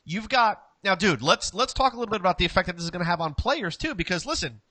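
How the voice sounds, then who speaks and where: Animated man, bright voice. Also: high voice, fast, dry recording. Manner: loose, chatty, says "dude" and "listen". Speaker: co-host reading viewer comments. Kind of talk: casual chat.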